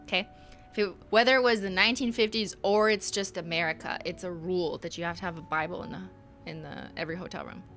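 A woman's voice: lowish voice, fast, a bit bright, faint music behind. A young woman streaming a game live, chatty and giggly, swearing freely and slipping into joke voices. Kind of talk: casual live gameplay commentary.

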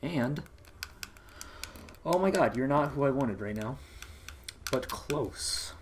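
A man giving casual, profanity-laden commentary while playing a video game, breaking into excitable outbursts. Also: medium pitch, takes it slowly, a little hiss or hum. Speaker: let's play gamer.

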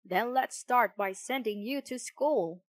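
A woman's voice: fairly high pitch, a little slow, no room sound, studio quality. Woman doing an old fatherly woodcarver.

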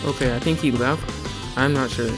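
An excitable man talks through his gameplay in a casual, chatty way, now and then breaking into sudden loud exclamations. His pitch sits in an ordinary middle range. Music plays clearly underneath him. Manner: excitable, quick outbursts of exclamation. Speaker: gaming channel host. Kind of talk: casual gameplay commentary and voice-over. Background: background music.

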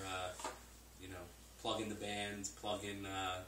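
A man's voice: on the low side, completely flat delivery, a little fast, roomy sound, far from the mic, background noise. A man who is a musician guest in a casual interview, laughing easily and joking about himself.

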